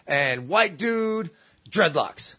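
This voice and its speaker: Male storyteller, husky and high-pitched, lively swooping delivery, profane street slang. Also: very slow. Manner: animated, profane, slangy, acts out the voices in his story. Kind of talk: casual storytelling.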